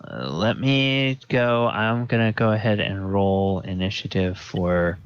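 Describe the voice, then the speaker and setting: A man narrating as dungeon master of a tabletop game, slow and halting with plenty of fillers, over a home computer mic in an online session. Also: lowish voice, clear, resonant tone. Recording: dull, dry lo-fi audio.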